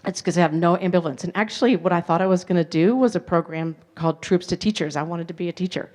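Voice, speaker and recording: A woman's voice: lowish voice, fast talker, a little mellow. A woman giving a conference keynote, telling her story candidly with self-deprecating asides. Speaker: keynote speaker. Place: conference hall.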